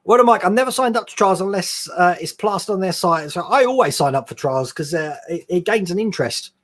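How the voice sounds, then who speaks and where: A man's voice: sits high, lively intonation, brisk. A man hosting a scale modelling live stream, chatting casually, reading viewer questions aloud and laughing often. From England. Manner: chatty, laughs often, reads out chat questions then answers.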